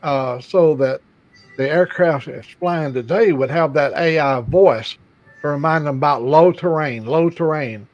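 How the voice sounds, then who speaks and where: A man's voice: on the high side, measured pace. An older man chatting casually as co-host, telling stories with many fillers and restarts. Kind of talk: casual chat. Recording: dull lo-fi sound.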